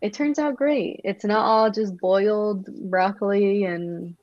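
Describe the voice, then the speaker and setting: A woman's voice: medium pitch, takes it slowly, no room sound. Earnest woman, dry dull recording. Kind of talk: casual chat.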